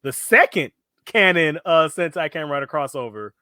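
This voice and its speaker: A man co-hosting a casual fan podcast, animated, swearing freely and acting out villains' lines. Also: on the high side, moderate pace, clean tone, no room sound, studio quality. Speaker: podcast co-host.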